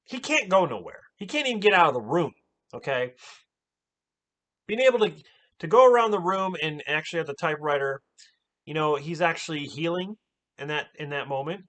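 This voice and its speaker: A man recapping a movie in a casual, animated way, exclaiming often and swearing a lot. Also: fairly high pitch, fairly quick, pauses often. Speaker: movie reviewer.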